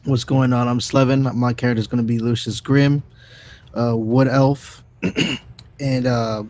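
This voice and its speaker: Laid-back guy at a dnd game, slow, kinda halting. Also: mid-range voice. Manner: relaxed, halting. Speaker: player. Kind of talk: casual tabletop game intro.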